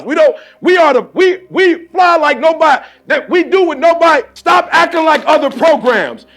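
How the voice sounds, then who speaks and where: A man giving a motivational speech to a sports team, preachy and punchy with lots of repetition, swinging from quiet storytelling to shouting. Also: very high voice. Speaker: motivational speaker.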